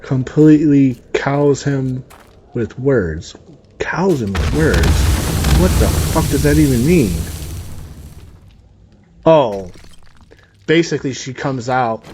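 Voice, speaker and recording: A man's voice: mid-range voice, expressive, slow, long pauses, noisy background. A man reading a story aloud and breaking in with profane, sarcastic asides. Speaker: story reader and commentator. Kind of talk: reading a story aloud with reactions over gameplay.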